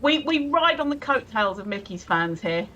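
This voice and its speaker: A woman's voice: medium pitch, big pitch swings, normal speed, sharp tone, dull audio. A woman co-hosting a casual live stream, giggling often as she reads viewers' messages aloud. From England. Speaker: stream co-host.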